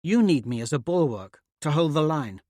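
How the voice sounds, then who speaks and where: A man's voice: on the high side, expressive, normal speed, warm tone, no echo, studio quality, voice pushed up, lightly acted. A man voicing a blunt female warrior in an audiobook, speaking in urgent, clipped lines.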